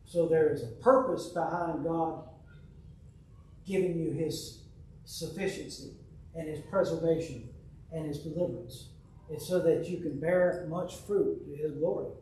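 A man's voice: fairly high pitch, unhurried, mellow, a little hiss or hum. A man leading a Sunday evening Bible study, reading scripture aloud and talking in a folksy, conversational way. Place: church room. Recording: very echoey room, speaker far from mic.

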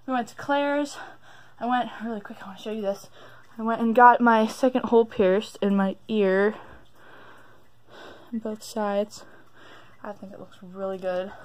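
A woman's voice: a little high, poor audio. Breathless, chatty young woman vlogging. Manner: chatty, upbeat, addressing viewers directly. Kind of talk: casual haul vlog. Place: at home.

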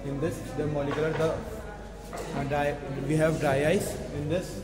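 Eager bartender, crowded hall. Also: male voice, a little high, flat delivery. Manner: eager, halting English, loud bursts. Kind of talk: explaining in an interview. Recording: echoey hall with crowd behind.

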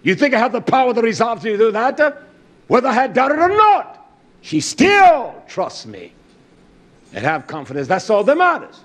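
An older man preaching a sermon, swinging between loud, emphatic declarations and low, muttered asides, with blunt phrasing and rhetorical questions. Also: huge pitch swings, moderate pace.

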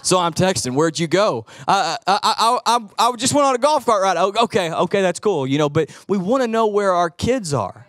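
High-voiced pastor telling stories. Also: male voice, moderate pace, hardly any pauses, no room sound. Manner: animated storytelling, acts out quoted voices. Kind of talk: sermon.

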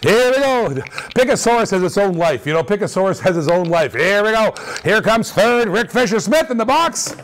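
Host type: high-pitched man, hyped live-auction caller, repeats himself a lot. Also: moderate pace. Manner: energetic, repetitive hype calls with laughs. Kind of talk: excited live-stream patter.

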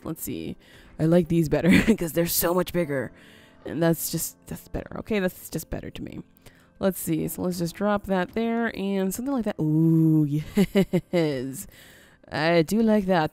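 A woman casually commentating as she plays a building game, thinking aloud with frequent little laughs. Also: mid-range voice. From US, near Canadian border. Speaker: gaming video host. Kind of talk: casual let's-play commentary.

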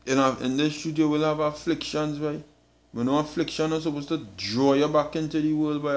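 Guy preaching hard, keeps saying boy, cusses, voice sits kinda high. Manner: emphatic, repeats "boy" after each phrase, swears. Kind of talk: street-style scripture teaching.

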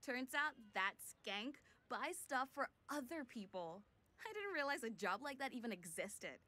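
A woman's voice: a little high, very animated, measured pace, sharp tone, heavily acted. A catty, gossipy young woman. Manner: chatty, sarcastic. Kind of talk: game voice acting.

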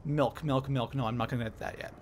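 A man streaming a game live, excitedly thanking viewers by name and reacting to the play. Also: mid-range voice, quick pace. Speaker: livestreamer. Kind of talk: live gameplay commentary.

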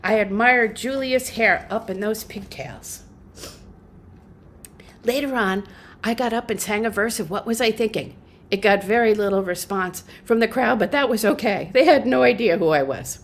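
A middle-aged woman and folk singer, a guest, telling a humorous story in a lively, self-mocking way, often laughing. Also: medium pitch, normal speed, a little hiss or hum.

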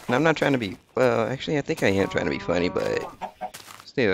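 A young man with a voice that keeps cracking gives casual let's-play commentary. His pitch jumps around a lot as he yells at animals and swears. A steady hiss sits under his laptop mic. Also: fast, gravelly. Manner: excitable, talks to animals, swears often. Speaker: gameplay commentator.

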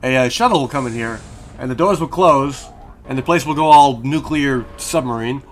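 A man's voice: mid-range voice, moderate pace, slight background noise. A young man giving casual, joking gameplay commentary at home, swearing now and then and chatting to his cat at the desk mic. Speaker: let's play host. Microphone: desk microphone.

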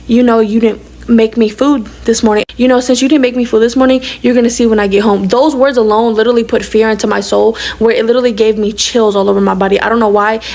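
A young woman recounts a personal storytime in a casual, rapid rush. Her voice sits a little high with a gravelly fry running through it, and she performs the lines of dialogue she quotes. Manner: rapid, animated retelling that acts out quoted dialogue.

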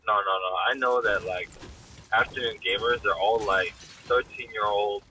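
A young man streaming from his car, teasing his friends in profane banter while his voice is going hoarse. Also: lowish voice, fairly even intonation, moderate pace, pushed and bright, a little hiss or hum, poor audio. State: losing his voice. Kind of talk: casual chat with friends.

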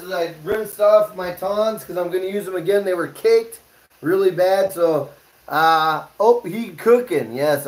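High-voiced man streaming from an echoey kitchen. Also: a little hiss or hum. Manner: loose, joking, swears freely, talks to chat. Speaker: livestream host. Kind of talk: casual cooking livestream chat. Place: home kitchen.

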